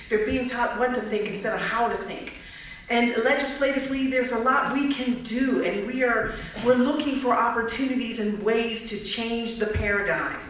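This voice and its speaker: A woman's voice: on the high side, a bit bright. A woman giving a direct campaign speech at a candidate forum, putting questions to the audience. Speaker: political candidate. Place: community hall. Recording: echoey hall, mic from far off, faint noise.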